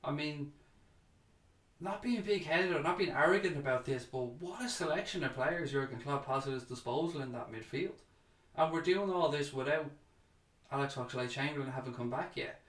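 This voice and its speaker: A man's voice: on the high side, moderate pace, fairly bright tone, roomy sound. A man hosting a casual fan chat livestream, reading out viewer comments and chatting back to them, calling people mate.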